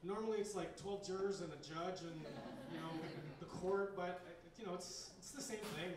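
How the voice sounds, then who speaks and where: At a bar's comedy night, a man with a high-pitched voice does stand-up, rambling and hesitating with plenty of fillers yet keeping a moderate pace with few pauses. A handheld recorder in the audience catches him from far off in the echoey room, with crowd noise audible.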